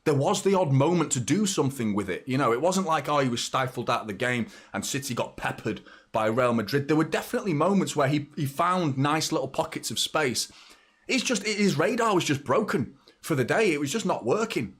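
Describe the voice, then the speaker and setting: A man in his thirties hosts a live football watchalong stream, chatting casually and rambling while reading out viewers' super chats. His husky voice sits on the high side, with lively intonation and a slightly fast pace.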